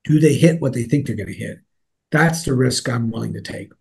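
A man's voice: mid-range voice, a little fast, vocal fry, darkish tone, husky. A man in an interview, speaking as a newsletter editor in a rambling way, with many fillers and restarts. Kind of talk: casual interview talk.

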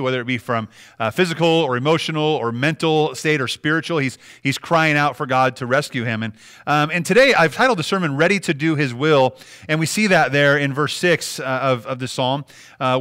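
Bright-voiced man preaching a sermon. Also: a little high, smooth. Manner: conversational, with frequent restarts and "right?" asides. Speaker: pastor. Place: church sanctuary.

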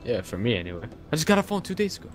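Brief: teasing man in a game roleplay, animated pitch, music clearly behind. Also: rapid-fire. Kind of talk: Minecraft roleplay.

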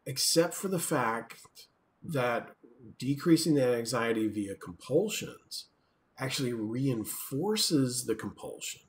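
A man lecturing to a class in an easygoing, conversational way. His voice sits at a middle pitch, and he keeps checking in with his listeners. He slips into little acted-out voices to illustrate his points. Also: slight background noise. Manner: conversational, frequent "right?" checks, acts out quoted voices. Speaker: professor. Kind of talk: recorded university lecture.

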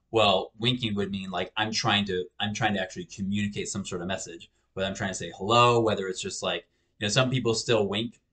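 A man's voice: fairly low pitch, pushed and bright. A man lecturing on communication in a recorded class video, explaining with frequent restarts and fillers. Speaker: college lecturer.

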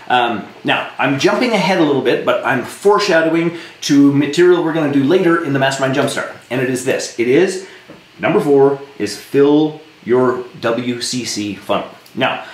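A blunt man coaching his audience on a live stream, emphatic and unafraid to swear. His mid-pitched voice sits in a roomy space with a faint hum of ambience behind it. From Saskatchewan, Canada. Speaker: business coach.

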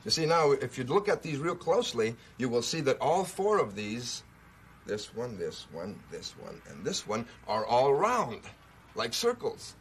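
Patient, lively-toned man teaching kids. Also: mid-range voice, measured pace, slight background noise. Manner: patient, coaxing, asks questions. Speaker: children's show presenter. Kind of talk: teaching a young viewer.

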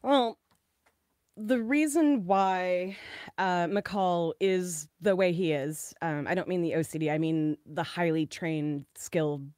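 A woman making her case in a casual podcast debate, measured and deliberate. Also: fairly low pitch, a little mellow, no echo, studio quality.

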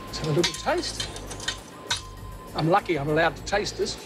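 A man's voice: a little high, expressive, normal speed, music in the background. A man hosting a cooking show in a studio kitchen, chatting casually and joking with the crew as he cooks. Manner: chatty, jokey, talks to the crew while cooking.

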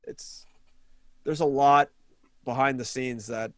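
A man's voice: mid-range voice, fairly even intonation, slow pace, no echo. A man co-hosting a podcast, musing and hesitant as he chats. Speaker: podcast co-host. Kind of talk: casual chat.

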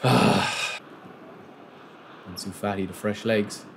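This gameplay commentator has a lowish, gravelly voice and draws out his words, with noise in the background. Casually calling his own football video game match, he chats with viewers and gets excitable, yelping and shouting at goals.

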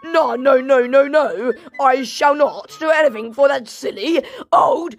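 A woman hosting let's play game commentary, excitable and shouty, with mock-formal asides. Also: high voice, unhurried, hardly any pauses, faint music behind. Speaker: gaming channel host.

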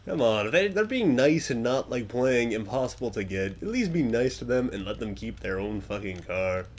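A young man giving casual gameplay commentary, swearing often and muttering to himself, then yelling at other players. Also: medium pitch, very animated, normal speed.

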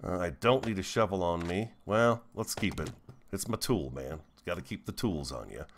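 Deep-voiced man chatting through gameplay. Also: animated, normal speed, a little hiss or hum. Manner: chatty, talks to viewers while playing. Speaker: gaming video host. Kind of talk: let's play commentary.

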